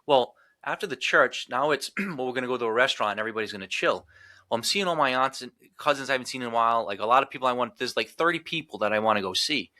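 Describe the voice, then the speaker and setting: A man's voice: medium pitch, lively intonation, fast, pushed and bright, no room sound. A man talking as a podcast guest in casual chat, ranting emphatically and swearing often.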